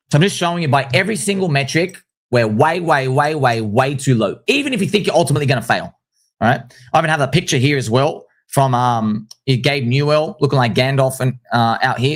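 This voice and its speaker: A man hosting a crypto livestream, giving an animated conference presentation with quick asides. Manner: animated and excitable, with rapid asides and sudden jumps in pitch.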